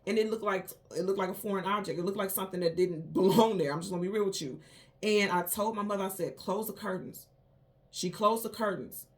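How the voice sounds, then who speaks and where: A woman talks straight to her viewers in an emphatic, storytelling way. Her pitch sits in an ordinary middle range, and she pushes hard on key lines with rising indignation. Her delivery is casual and conversational. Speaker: tarot reader, channel host. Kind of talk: casual spoken monologue.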